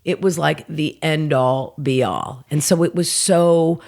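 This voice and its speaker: A woman's voice: low voice, measured pace, gravelly. A woman comedian telling stories from her work in a casual podcast chat, laughing as she goes and acting out the people she quotes. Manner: animated storyteller, laughs mid-sentence, acts out quoted people; frequent "like" fillers. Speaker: comedian guest.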